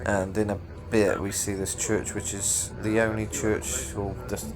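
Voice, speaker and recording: A man's voice: fairly low pitch, little pitch movement, measured pace, music in the background. A British man giving casual travel commentary outdoors from an open-top tour bus, rambling and swearing freely. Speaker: travel vlogger. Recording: busy street crowd behind.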